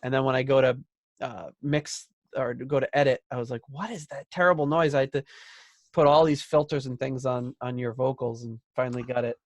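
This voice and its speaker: A podcast co-host talking in a relaxed, joking way. His voice sits at a middle pitch. The sound is dry and close, with no room around it. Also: fairly quick, no echo. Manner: chatty, joking, reads out listener posts. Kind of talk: casual chat.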